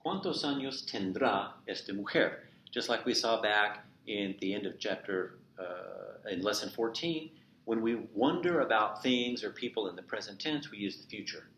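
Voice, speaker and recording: A man teaching a recorded remote Spanish lesson, explaining verb endings and repeating each example slowly. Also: on the low side, a bit bright. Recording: echoey room with faint noise.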